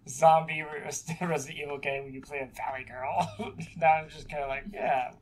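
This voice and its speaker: A woman's voice: low-pitched, steady tone, fairly quick, darkish tone. A woman playing a video game and chatting casually, joking and grumbling at the game. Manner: jokey, laughs a lot, grumbles at the game. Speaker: game player. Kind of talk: let's play casual chat.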